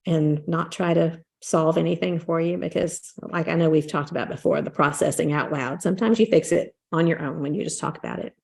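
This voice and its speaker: Low gravelly voiced woman, rambly storyteller, does the quotes. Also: steady tone, fairly quick, few pauses, a little mellow. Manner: rambling storyteller, repeats words, acts out quotes. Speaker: podcast co-host. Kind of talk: casual chat.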